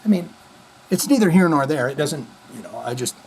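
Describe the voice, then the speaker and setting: A man hosts a casual vlog with a fairly high-pitched voice. He rambles and jokes in a loose, profane, goofy way. His delivery is offhand and unscripted. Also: expressive, fairly quick, a little mellow, a little hiss or hum. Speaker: host.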